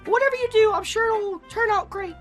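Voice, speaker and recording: A woman voicing a cheerful teenage girl who is a club president, reading game dialogue aloud in a bright, friendly, encouraging way. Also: very high-pitched, a little fast, faint music behind, voice pushed up.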